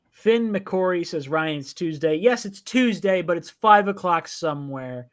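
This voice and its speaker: A man's voice: sits high, sing-song, unhurried, a bit bright. A man hosting a casual live stream from home, joking and reading viewer comments aloud. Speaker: podcast host reading chat. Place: at home, downstairs. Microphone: phone.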